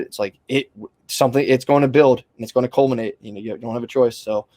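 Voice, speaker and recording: Fast-talking man rambling on a podcast. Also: mid-range voice, steady tone, dark tone, no echo. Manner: rambling, frequent restarts and fillers, swears casually. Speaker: podcast host. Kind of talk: casual podcast conversation.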